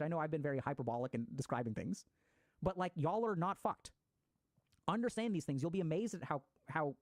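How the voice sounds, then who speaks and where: A man who is a psychiatrist, explaining attachment to an online audience in a casual lecture, conversational and quick, with swearing and gaming slang. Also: on the high side, a little mellow, dry recording.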